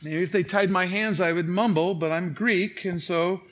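A man's voice: sits high, normal speed. A pastor with a Chicago accent, telling a funny story in a sermon to his congregation and acting out the voices in the dialogue. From Illinois. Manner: animated, joking, acts out quoted dialogue. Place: church stage before a congregation.

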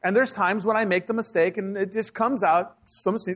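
A man with a high, light voice delivers a sermon from a church pulpit. He preaches casually, mixing warnings with jokes and little acted-out exchanges. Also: fairly even intonation, a little fast, few pauses, fairly bright tone. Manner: humorous, conversational preaching with acted asides. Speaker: pastor. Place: church sanctuary.

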